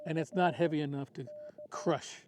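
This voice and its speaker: A man chatting casually about his ham radio contacts in a relaxed, self-deprecating way, recording outdoors in the desert. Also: on the high side, normal speed, background noise. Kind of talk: casual outdoor vlog narration.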